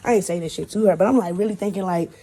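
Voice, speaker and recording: A woman's voice: mid-range voice, rapid-fire, mellow. A young woman vlogger animatedly telling a personal story, swearing and laughing as she goes. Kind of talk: casual storytime.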